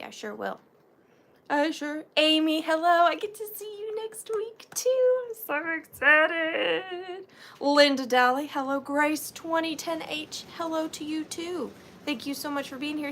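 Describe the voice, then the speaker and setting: Chirpy bright-voiced Southern woman. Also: high voice, a little hiss or hum. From Georgia, US. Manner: chatty, sweet, calls viewers dear. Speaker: livestream host. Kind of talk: casual livestream chat greeting viewers.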